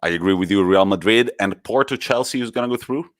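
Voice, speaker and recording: A man's voice: lowish voice, quick pace, dry recording, clean studio sound. Man hosting football chat. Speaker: podcast co-host.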